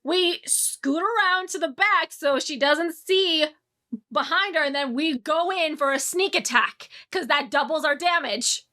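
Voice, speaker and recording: A woman's voice: high voice, unhurried, sharp tone. A woman playing a tabletop game, chatting casually and eagerly, full of questions. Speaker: player. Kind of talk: casual chat.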